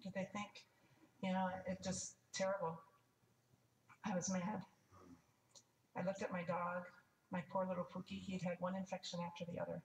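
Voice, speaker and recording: A woman's voice: lowish voice, flat delivery, moderate pace, long pauses, a little mellow, slight background noise. An older woman telling a personal story in a frank, wry way, stopping to restart and add asides. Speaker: testimony speaker. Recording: echoey room, mic at a distance, faint ambience.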